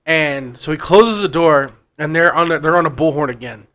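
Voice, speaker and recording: A podcast co-host spins a long, meandering story in a casual, profane way. His voice sits a little high for a man, and he keeps doubling back over his own words. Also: moderate pace, few pauses, a bit bright. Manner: rambling and profane, with frequent restarts and laughs.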